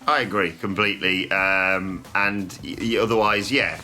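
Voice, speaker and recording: A man's voice: low-pitched, moderate pace, pushed and bright. A man, hosting a casual wrestling news chat, opinionated and chatty with the odd mild swear.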